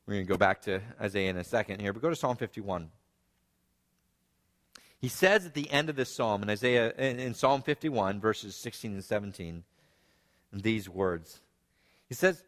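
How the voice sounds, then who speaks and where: A man with a medium-pitched voice preaches earnestly, dropping to near-whispers before rising to emphatic passages. A long reverb tail trails his words.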